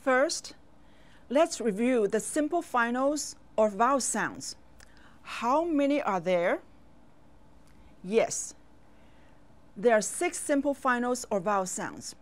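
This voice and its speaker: A woman teaching a children's language lesson in a slow, clear voice, pausing for the learner to repeat after her. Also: fairly high pitch, expressive.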